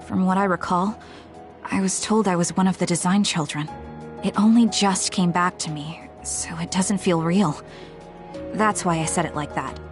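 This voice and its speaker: An actress playing a calm, reserved young woman who speaks in a quiet, measured way in a game cutscene. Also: fairly low pitch, faint music behind, close to an everyday voice.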